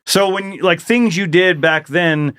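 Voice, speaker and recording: A man's voice: sits high, fairly even intonation, measured pace, fairly bright tone, smooth, no echo, clean studio sound. Rambling, swearing male podcast co-host. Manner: rambling, swears freely, reads listener emails aloud. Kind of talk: casual chat.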